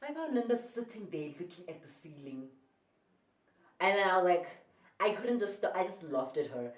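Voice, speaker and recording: A woman's voice: fairly low pitch, normal speed, recorded from a distance. Rambling South African woman in echoey room. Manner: rambling, excitable, often corrects herself. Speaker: YouTuber. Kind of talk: casual storytime. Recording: echoey room, voice away from the mic.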